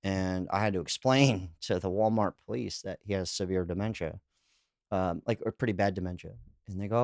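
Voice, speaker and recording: Podcast guy riffing on comments, low voice, loose and candid, lots of you know and like, dry close sound. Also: fairly even intonation, normal speed, darkish tone, dry recording. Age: adult, calls himself too old. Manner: rambling and candid, heavy on "you know" and "like" fillers; laughs while telling anecdotes. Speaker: podcast host. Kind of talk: casual solo monologue, reacting to read-out comments.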